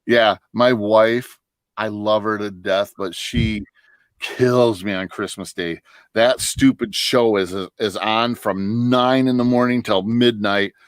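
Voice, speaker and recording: A middle-aged man from northern Michigan talks in a low, relaxed voice, wandering through long stories. He restarts his sentences often and laughs along as he goes. The sound is dry and close, with no room behind it. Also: takes it slowly, clear, resonant tone, dry recording. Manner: rambling storyteller, laughs often, many restarts. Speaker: livestream guest. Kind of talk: casual chat.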